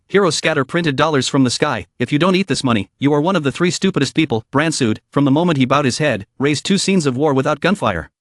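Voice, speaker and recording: A man narrates a comic story recap in an even, steady reading. His voice sits slightly high and sounds dry and close to the mic. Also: no room sound.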